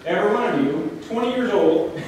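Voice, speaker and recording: A male pastor with a high-pitched voice gives a sermon, joking and chatting between scripture readings. He is recorded from far off in a church hall with a long, echoey reverb. Faint room ambience sits underneath. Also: expressive, moderate pace, darkish tone, a little hiss or hum. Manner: conversational, joking preaching with scripture read aloud.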